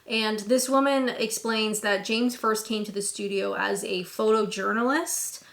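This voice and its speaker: A woman's voice: medium pitch, fairly even intonation, measured pace, creaky, fairly bright tone. A young woman hosting a casual movie recap, sarcastic and snarky in her commentary.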